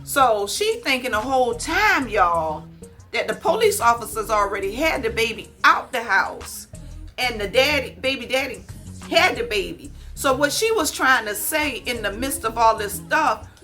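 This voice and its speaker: A woman vlogger casually retelling a story, animated and folksy, calling listeners honey and baby. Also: on the high side, normal speed, soft background music.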